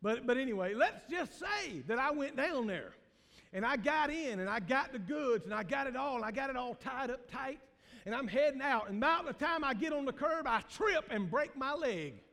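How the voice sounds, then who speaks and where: A male pastor with a Southern US accent preaches to his congregation, his voice sitting unusually high. He swings between ringing shouts and hushed, low asides. The sound carries a long reverb from the church sanctuary. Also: animated, moderate pace. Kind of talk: sermon.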